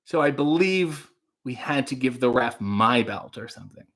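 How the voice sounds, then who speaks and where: Male livestream host, casual storyteller, animated delivery. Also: mid-range voice, moderate pace. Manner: rambling storyteller reading out chat comments.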